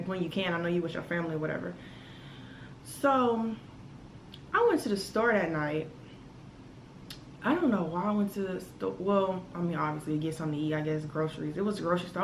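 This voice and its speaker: A woman, telling a story to her camera in casual vlog chat, animated and full of asides, recorded on a phone. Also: fairly low pitch, brisk, roomy sound, a little hiss or hum, poor audio. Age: 20s. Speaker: vlogger.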